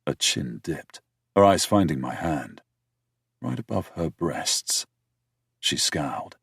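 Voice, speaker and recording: A male audiobook narrator with a very deep, husky voice reads a first-person romance in a dry, measured way, dropping wry asides. His delivery rises and falls with plenty of lively melody, and the close studio recording sounds completely dry. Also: no echo.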